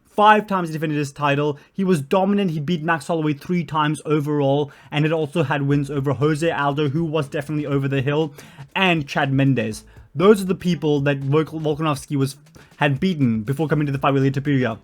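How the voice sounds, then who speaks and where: Young male commentary host, a touch high-pitched, blunt opinions, loose delivery with fillers. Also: fairly even intonation, a little fast. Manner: blunt, opinionated, with frequent fillers and self-corrections. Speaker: MMA commentary channel host. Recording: faint background music.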